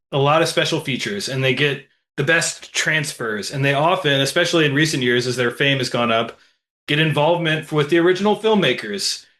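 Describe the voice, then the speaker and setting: Male podcast co-host, bright tone, measured explainer. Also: medium pitch. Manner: explanatory, measured, with filler pauses. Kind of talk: casual film podcast chat.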